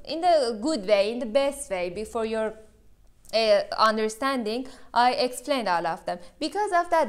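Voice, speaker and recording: A woman teaching an English grammar lesson on video, speaking non-native English with many "uh" fillers and a checking "yes?" after points. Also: medium pitch.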